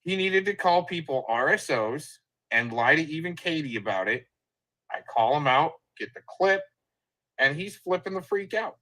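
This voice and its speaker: A man's voice: on the high side, animated, normal speed, sharp tone, rough recording. Profane, combative man ranting on a stream. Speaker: livestream host. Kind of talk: ranting commentary over played clips.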